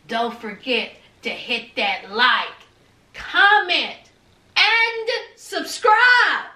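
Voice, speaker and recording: A high, bright-toned woman gives a sassy, unhurried rundown of a TV episode and keeps tossing teasing asides to her audience. She sits back from the mic in an echoey room. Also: distant mic. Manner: chatty, colloquial, teasing asides to viewers. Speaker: TV recap vlogger. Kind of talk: sassy casual recap.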